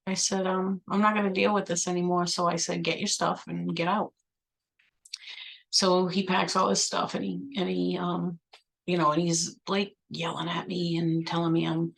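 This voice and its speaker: A woman's voice: fairly low pitch, level tone, measured pace, creaky, fairly bright tone, low-quality recording. A woman vlogger telling a personal story in a chatty way, full of "like" and "you know," acting out her own past replies.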